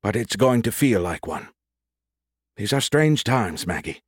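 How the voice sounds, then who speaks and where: A man's voice: fairly low pitch, expressive, measured pace, slightly rough, dry recording, clean studio sound. A man voicing a stern female leader who speaks in a firm, authoritative way. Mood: grave.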